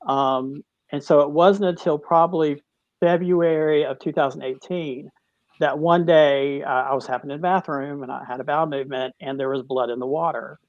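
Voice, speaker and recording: A middle-aged man, a teacher, tells his cancer story in an interview, halting and restarting, choked up at times. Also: on the high side, steady tone, no echo, dull audio. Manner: halting, with many restarts, tearful at moments. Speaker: guest, cancer survivor. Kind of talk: emotional personal story in a talk-show interview.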